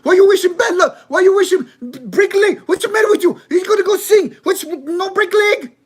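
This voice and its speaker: A baffled, excitable man, pitched very high and loud. He speaks in shrill, indignant broken English. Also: brisk.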